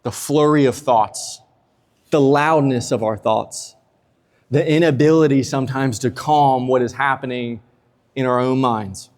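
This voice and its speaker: A pastor preaches a sermon in a church sanctuary, his mid-range voice steady and a little slow. He keeps it casual and humorous, acting out quotes with energy, and the recording carries a long church reverb.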